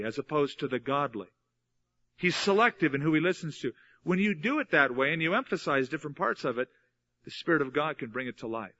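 A man's voice: a little high, expressive, fairly quick, sharp tone, dull audio. A man preaching a sermon, teaching earnestly from the Bible and repeating key phrases for emphasis. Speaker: pastor.

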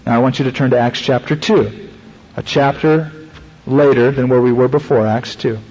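A man's voice: mid-range voice, steady tone, normal speed, a little mellow, breathy edge, big-room sound. A man preacher giving a conversational sermon that acts out Bible stories, on a dull lo-fi radio recording.

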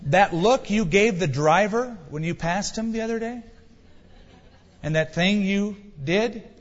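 A middle-aged man preaching a sermon in a conversational style with wry humor. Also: high voice. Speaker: pastor. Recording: dull sound with long hall reverb.

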